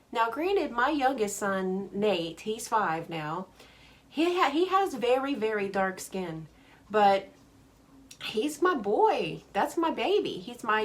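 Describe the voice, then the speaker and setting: A woman's voice: mid-range voice, very animated, slow pace. A woman giving a casual, chatty card-making demonstration. She answers viewer comments as she goes and laughs often. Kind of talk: casual live craft demo.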